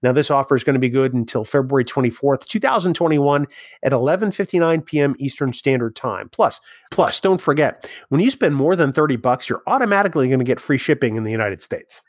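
A man co-hosting a casual podcast, friendly and teasing, often halting with small fillers as he introduces the episode and reads ads. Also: medium pitch, animated, dry recording, studio quality. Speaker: podcast co-host.

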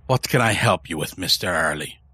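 A man's voice: low-pitched, animated, a little fast, sharp tone, breathy edge, pitched below the performer's own voice, full character voice. A man voicing a weary, bitter old priest who speaks in a dry, grumbling, exasperated way.

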